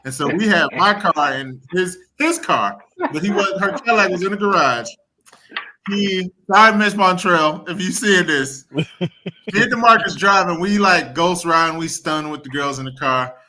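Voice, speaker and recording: A man's voice: sits high, lively intonation, normal speed, bright, forceful tone, a little hiss or hum. A man on a panel about fathers, telling a casual, chatty story about his youth.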